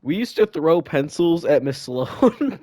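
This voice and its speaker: A man's voice: on the high side, sing-song, slow, darkish tone, dry recording, studio quality. A teenage boy casually telling school stories on a podcast, rambling and laughing, with lots of fillers and restarts. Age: teens. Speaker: podcast co-host. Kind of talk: casual storytelling chat.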